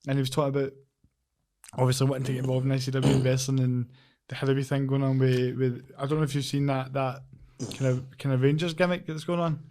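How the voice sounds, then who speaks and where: A Scottish man hosting a podcast, chatting casually and giving quick, easygoing agreement. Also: medium pitch, flat delivery, warm tone, slight background noise. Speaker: podcast host. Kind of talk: casual interview chat.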